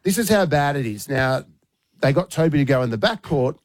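An Australian man with a fairly high voice tells an animated story on breakfast radio, acting out the other people's lines with quick shifts. The sound is dry and close, straight off a studio mic. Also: no room sound. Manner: acts out quoted voices, quick and lively. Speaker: radio host.

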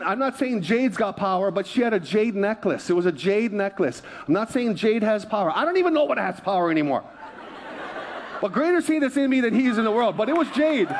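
A pastor with a fairly high voice preaches from a church stage. He tells his story in a loose, conversational way, full of asides and quick laughs. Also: slight background noise. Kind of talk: sermon. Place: church sanctuary.

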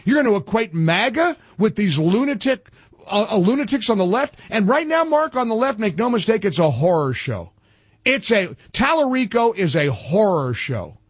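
A male talk radio host with a fairly high, husky voice, swinging his pitch widely as he rants rapid-fire and keeps restarting his sentences. The sound is dry and close, with no room around it. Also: sing-song, dry recording. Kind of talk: opinionated talk radio banter.

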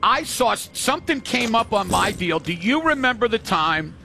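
Older man, casual talk, animated storyteller, high raspy voice. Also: normal speed, soft background music. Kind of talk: casual chat.

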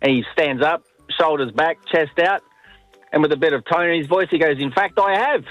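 A man's voice: a little high, fairly quick, no echo, muffled recording, soft background music. A man calling into a radio show, telling a joke and acting out the lines. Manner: animated joke teller who acts out the lines. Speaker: caller.

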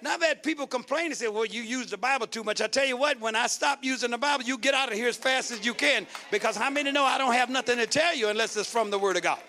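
A man preaching a sermon as pastor, calling out questions to the congregation and building to shouted runs. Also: very high-pitched, fast, few pauses. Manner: call-and-response preaching, rising to shouts.

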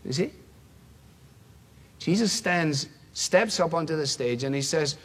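A man preaching a sermon in a deliberate, emphatic way, building points through repeated phrases. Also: on the high side, expressive. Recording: long hall reverb.

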